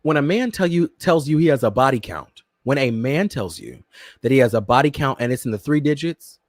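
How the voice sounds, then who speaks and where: Sassy animated man, lively pitch. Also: fairly quick, no echo. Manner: sassy, campy, animated, addresses listeners as "girl" and "Miss Thing". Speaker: podcast host. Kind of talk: casual pop-culture commentary.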